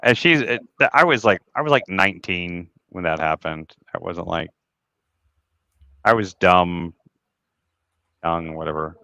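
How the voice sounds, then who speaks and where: A man in his forties with a lowish, bright and clean-edged voice tells stories in a candid, rambling way, restarting sentences and cursing freely when he relives his anger. The sound is dry and a little dull, like home call audio. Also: a little slow, gravelly, pauses often, dry recording. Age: 40s. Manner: candid, rambling confessional storytelling with many restarts. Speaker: podcast host. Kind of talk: casual group chat on a podcast.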